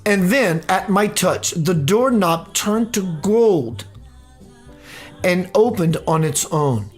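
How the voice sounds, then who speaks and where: A man hosting a radio show, reading a personal story aloud in an unhurried way and often breaking into laughter. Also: sits high, lively intonation, husky, faint music behind.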